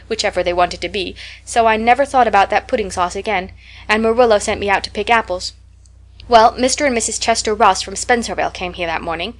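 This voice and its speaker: A woman's voice: mid-range voice, fairly bright tone, natural voice. A woman voicing a talkative, imaginative young orphan girl who tells stories in a breathless, dramatic way.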